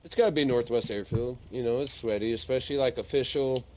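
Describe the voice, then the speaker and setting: A man in casual podcast chat, relaxed and loose, often breaking into laughter. His voice sits at an ordinary middle pitch. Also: fast, slight background noise, poor audio. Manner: laid-back, laughs often, swears casually. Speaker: podcast host.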